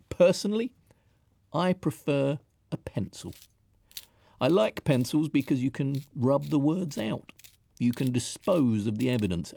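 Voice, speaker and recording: A man from England, a writer narrating a scripted radio piece in a measured, reflective and wry way. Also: mid-range voice, vocal fry, a little mellow, no echo, clean studio sound.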